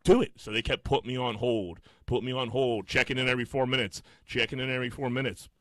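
Fast-talking, bright-voiced man swearing through a story. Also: mid-range voice, no echo. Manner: profane, animated, acts out both sides of phone calls. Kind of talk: casual storytelling chat.

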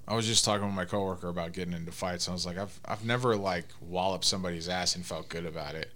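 A man's voice: low-pitched, steady tone, fast talker, fairly bright tone. A man co-hosting a podcast, chatting in an easygoing, hesitant way. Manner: easygoing, hesitant, many restarts. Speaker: podcast co-host. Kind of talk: casual chat.

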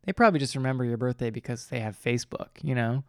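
A young man co-hosting a podcast in casual banter, teasing in a dry, deadpan way. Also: medium pitch, quick pace, dry recording. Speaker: podcast co-host.

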